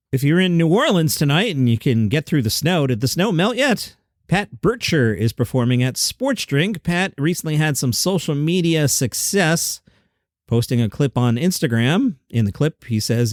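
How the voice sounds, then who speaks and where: A man's voice: mid-range voice, sing-song, normal speed, darkish tone, dry recording, studio quality. A man hosting a comedy news show, reading headlines with wry, rambling, self-deprecating asides. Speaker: podcast host.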